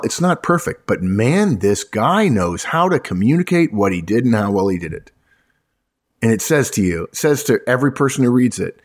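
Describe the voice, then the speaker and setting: Male recruiter type, low husky voice, lively swooping delivery, punchy and emphatic. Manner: emphatic, punchy, repeats points for effect; addresses listeners as folks. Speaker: recruiter giving resume advice. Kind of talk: emphatic advice talk.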